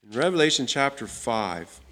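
A man teaching a Bible study, unhurried and reading scripture aloud with emphasis. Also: mid-range voice, big pitch swings, fairly bright tone.

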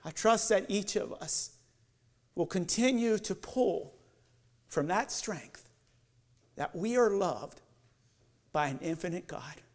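A man giving an evening sermon as a lay preacher, leading listeners through guided imagery that builds and then softens. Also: high-pitched, lively intonation, slow, pauses often. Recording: long church hall reverb.

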